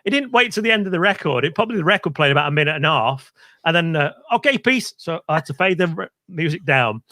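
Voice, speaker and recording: Chatty middle-aged male radio presenter telling a story. His voice is fairly high and sits close and dry on the mic. He mimics the people in his tale as he goes. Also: animated, fast, bright, forceful tone, dry recording. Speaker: quiz co-host and radio presenter. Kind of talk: casual anecdote telling.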